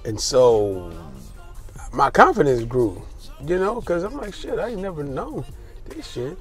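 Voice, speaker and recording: A young American man casually telling a personal story as a travel vlogger, candid and animated, acting out the voices of people he quotes. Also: a little high, measured pace, soft background music. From United States.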